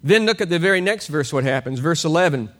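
A man preaching an expository sermon, animated and full of rhetorical questions, chuckling now and then as he teaches. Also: a little high, fast.

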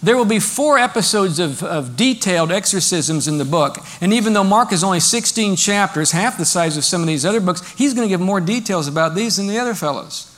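A male pastor delivers an animated sermon to his congregation, his voice sitting notably high. He swings between emphatic declarations and quieter asides, sometimes slipping into a sarcastic mock voice. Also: fairly quick, hardly any pauses. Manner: animated preaching, mock voices of modern critics. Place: church.

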